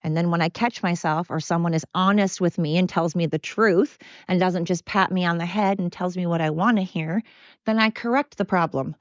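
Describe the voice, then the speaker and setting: A woman's voice: fairly low pitch, moderate pace, no room sound, highs cut off. An older woman hosting a solo podcast from home, ranting bluntly and sarcastically with plenty of profanity. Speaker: podcast host.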